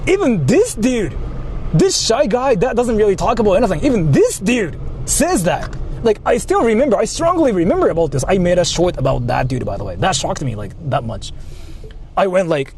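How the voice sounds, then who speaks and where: Vlogging while driving, a man rambles casually, dropping fillers and swear words throughout. His voice sits high with a sing-song lilt and a darkish tone, at a moderate pace. The car recording carries faint road and street noise.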